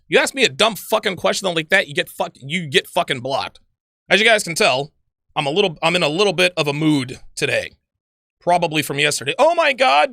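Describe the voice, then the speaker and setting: A man's voice: sits high, gravelly, pushed and bright, dry recording, studio quality. A man hosting a livestream, ranting angrily and profanely and repeating himself. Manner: angry, profane, repetitive. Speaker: livestream host. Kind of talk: heated livestream rant.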